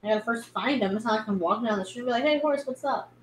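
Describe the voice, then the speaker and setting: A woman's voice: mid-range voice, fairly even intonation, very fast. Female player, blunt wit, echoey recording with light hiss. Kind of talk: casual tabletop game chat. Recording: echoey room with faint noise.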